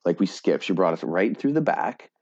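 A man in his thirties chatting casually, an animated storyteller who laughs often and acts out other people's voices. His voice sits low and mellow but moves a lot. The recording is dull and lo-fi. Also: normal speed. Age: 30s. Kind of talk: casual chat. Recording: dull lo-fi sound.

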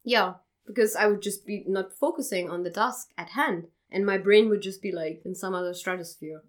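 A woman's voice: mid-range voice, normal speed. Young woman, podcast guest, chatty and candid, casual swearing. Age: young adult.

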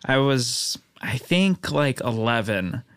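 A man co-hosting a podcast, chatting casually with wry reactions and quick questions. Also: medium pitch, expressive, fairly bright tone, clean tone, dry recording, studio quality. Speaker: podcast co-host. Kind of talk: casual chat.

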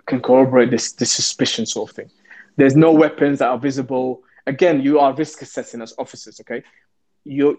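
A man, a former police officer, telling a story in an interview and acting out the voices he quotes. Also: mid-range voice. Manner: animated, acts out the quoted voices.

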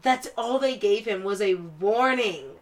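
A young woman co-hosting a loose, casual podcast. She tells her story with animated energy, swears freely and slips into other people's voices when she quotes them. Her pitch sits at a middle height for a woman. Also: measured pace. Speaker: podcast co-host.

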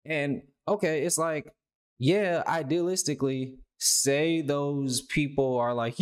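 A man hosting a podcast, talking in a rambling, casual way, swearing freely and restarting his words. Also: slow. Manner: rambling, profane, repeats words, voices imagined people with a raised pitch. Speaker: podcast host. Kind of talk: casual commentary.

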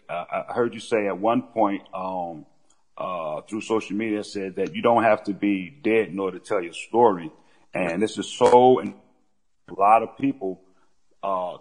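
A male podcast co-host with a fairly low, husky voice keeps reacting with "wow" and praise. He speaks casually and supportively to the guest. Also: poor audio. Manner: encouraging, frequent "wow" interjections. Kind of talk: casual chat.

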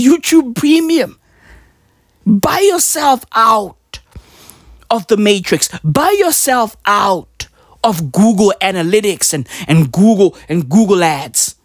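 Animated man, lively pitch. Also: no echo, studio quality. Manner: animated and rambling, with slang and a constant "right?". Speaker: podcast host. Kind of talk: comedic solo podcast monologue.

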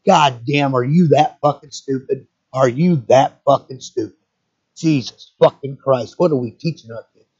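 A man's voice: medium pitch, moderate pace, darkish tone, slightly rough, highs cut off. A middle-aged man hosting a solo podcast, ranting bluntly and profanely, rambling with many restarts. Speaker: podcast host.

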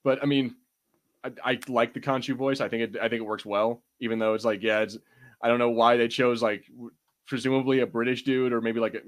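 A young man in casual podcast chat, his voice sitting at an everyday middle pitch. He talks in an animated way, swears freely and jumps up in pitch when something excites him. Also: brisk. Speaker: podcast host.

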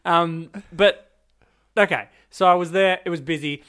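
A man's voice: fairly high pitch, steady tone, unhurried, fairly bright tone, clear, resonant tone. A man, co-hosting a casual chat and telling a rambling story that keeps breaking into laughter. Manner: rambling storyteller who laughs often mid-sentence. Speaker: podcast co-host.

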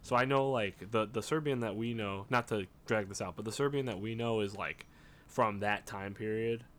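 A man's voice: lowish voice, normal speed, a bit bright, slight background noise. Rambling American man on a podcast. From United States. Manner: rambling, lots of filler words. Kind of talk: casual chat.

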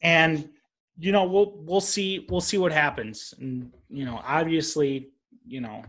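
Dude hosting a podcast, rambly, lots of you-knows, bright sound. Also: male voice, a little high, unhurried, breathy edge. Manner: loose, rambling, filler-heavy. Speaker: podcast host. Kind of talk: casual chat.

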